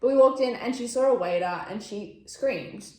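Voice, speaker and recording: A young woman co-hosting a podcast, teasing her friend and retelling stories with lively voices. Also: fairly high pitch, moderate pace. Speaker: podcast co-host. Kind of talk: casual chat. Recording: echoey room.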